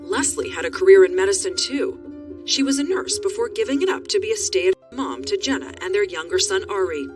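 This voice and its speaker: A TV correspondent giving scripted documentary narration in a measured, even way and asking interview questions. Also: medium pitch, recorded from a distance, over music.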